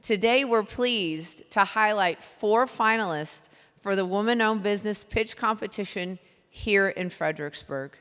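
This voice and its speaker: A woman's voice: medium pitch, a little slow, a bit bright, smooth. A woman with a Texan accent emceeing a live event, chatty and loose, poking fun at herself. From Texas. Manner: chatty, self-deprecating, loose. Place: event hall. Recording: long hall reverb.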